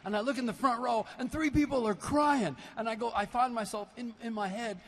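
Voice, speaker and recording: A man's voice: very high-pitched, brisk. Man telling stories from a reverberant arena stage. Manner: storytelling, animated, playful asides. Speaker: percussionist addressing a concert audience. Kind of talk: stage talk between songs. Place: large basketball arena used as a concert hall. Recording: live hall recording with long reverb and faint noise.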